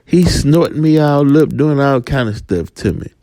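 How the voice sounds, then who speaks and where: Man putting on a high taunting woman's voice, cocaine personified, manipulative, coaxing, mellow tone, dry sound. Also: normal speed, no echo, close to an everyday voice. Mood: pleading.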